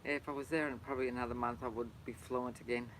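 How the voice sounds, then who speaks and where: A man's voice: mid-range voice, level tone, rapid-fire, fairly bright tone, slight background noise, poor audio. A man chatting casually beside the host, an easygoing storyteller who laughs along. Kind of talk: casual chat.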